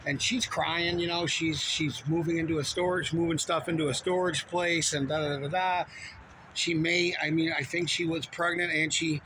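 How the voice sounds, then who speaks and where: A man's voice: fairly high pitch, little pitch movement, normal speed, bright, forceful tone, a little hiss or hum, rough recording. A man who works as a store cashier tells a rambling, profane story in a heated, casual way.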